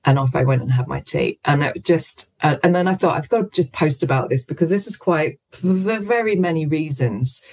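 A woman who is a guest on a radio show, telling a story with lively energy. She moves between her own narration and the lines people said, with some hesitations along the way. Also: low-pitched, normal speed, hardly any pauses, breathy edge, rough recording. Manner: lively anecdotal storytelling, acts out quoted voices. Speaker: guest, businesswoman and author. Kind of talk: storytelling in an interview.

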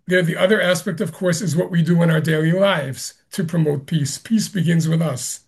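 A man being interviewed as a Zen master guest, speaking haltingly with many pauses and frequent throat clearing. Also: fairly high pitch, fairly even intonation. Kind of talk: interview answers.

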